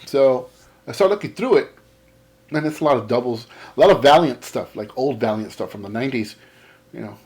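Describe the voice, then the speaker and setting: A man's voice: medium pitch, brisk, darkish tone. A man from Texas, telling a casual vlog story about a garage sale, laughing often and acting out both sides of the chat. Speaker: comic collector vlogger.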